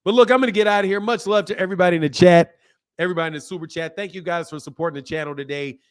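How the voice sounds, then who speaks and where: A man's voice: high voice, very fast, smooth. A man hosting a boxing channel livestream, talking bluntly in a rambling, repetitive way with plenty of slang and reading chat messages aloud. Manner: blunt, rambling, repeats himself. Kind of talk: casual livestream commentary.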